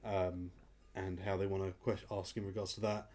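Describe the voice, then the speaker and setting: A man with a somewhat low voice in casual podcast talk. He tells the story with animated energy and drops curses freely. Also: normal speed. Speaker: podcast co-host. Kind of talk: casual chat.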